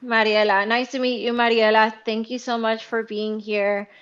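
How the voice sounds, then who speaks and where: A woman from Venezuela hosting a casual audio chat, speaking emotionally with halting restarts. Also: a little high, flat delivery, fairly bright tone, clear, resonant tone. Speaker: host. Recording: dull lo-fi audio.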